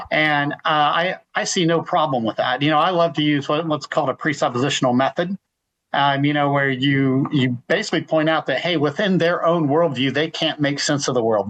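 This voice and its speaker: A man's voice: a little high, a bit bright, poor audio. Middle-aged male guest, emphatic Q&A answerer, leans on repetition. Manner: emphatic, repeats words, retells arguments. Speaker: guest speaker. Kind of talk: answering a question in a live Q&A.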